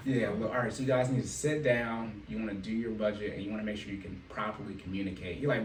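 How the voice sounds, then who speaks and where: A man hosting a casual podcast and working as a financial coach, telling animated stories and laughing often. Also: lowish voice, fast, few pauses, crowd noise. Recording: echoey room, mic at a distance, faint noise.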